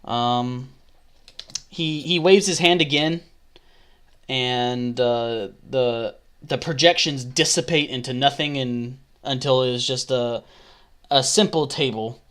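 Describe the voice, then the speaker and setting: Brief: man running a tabletop game, slow and hesitant delivery. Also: mid-range voice, fairly bright tone, clean tone. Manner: halting, hesitant narration. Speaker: dungeon master.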